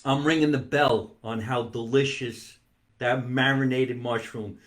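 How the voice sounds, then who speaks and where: A man's voice: mid-range voice, steady tone, unhurried, noisy background. A man hosting a comedy talk show from his basement, chatting playfully while he eats and stretching out words for comic emphasis. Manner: talks while eating. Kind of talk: live-streamed comic monologue. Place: home basement.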